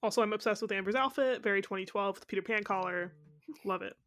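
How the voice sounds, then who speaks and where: A woman's voice: medium pitch, fast talker, a bit bright, no echo, studio quality. A woman co-host in casual chat, enthusiastically sharing opinions and laughing. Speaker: podcast co-host.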